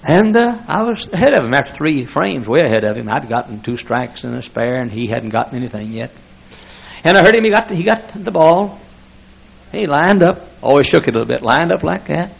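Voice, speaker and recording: A man's voice: fairly high pitch, very animated, a little fast, gravelly, husky, low-quality recording. An older man preaching a folksy sermon full of stories, chuckling often as he talks. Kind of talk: sermon with anecdotes.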